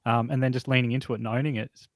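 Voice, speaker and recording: A man's voice: medium pitch, flat delivery, rapid-fire, no room sound. A man co-hosting an interview show, talking casually and enthusiastically with stumbling restarts. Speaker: podcast co-host.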